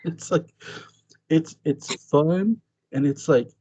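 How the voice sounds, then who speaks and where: A man chatting casually as a podcast host, excitable and swearing freely, his voice jumping up high when he exclaims. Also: takes it slowly, slightly rough. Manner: swears freely, laughs often. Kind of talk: casual chat.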